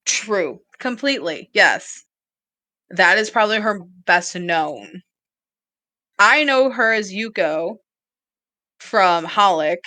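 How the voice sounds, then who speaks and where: A woman's voice: medium pitch, pushed and bright, no echo. A woman co-hosting a casual podcast, chatty and laughing often as she plans upcoming episodes. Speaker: podcast co-host. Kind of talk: casual chat.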